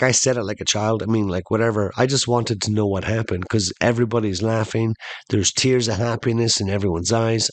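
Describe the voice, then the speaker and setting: A man hosting a podcast, telling a funny story in an animated way and slowing down for emphasis. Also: on the low side, dry recording. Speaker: podcast host. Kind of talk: comedic storytelling monologue.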